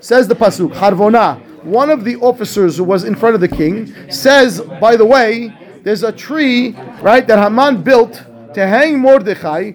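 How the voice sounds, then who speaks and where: A man, a rabbi, teaching a class on a scriptural text, asking questions and answering them himself in a lively way. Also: sits high, moderate pace. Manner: animated, asks and answers his own questions. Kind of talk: Torah class commentary.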